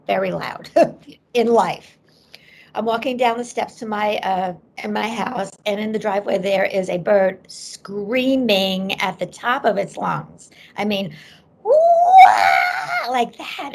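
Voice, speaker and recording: A woman's voice: medium pitch, gravelly. A middle-aged woman, a psychic medium, telling a personal story as an interview guest and acting out the voices she quotes. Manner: animated storyteller who acts out quoted voices.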